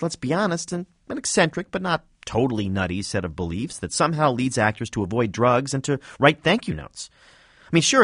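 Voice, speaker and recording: Husky-voiced wry male radio commentator. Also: mid-range voice, dry recording, clean studio sound. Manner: wry, self-deprecating humor.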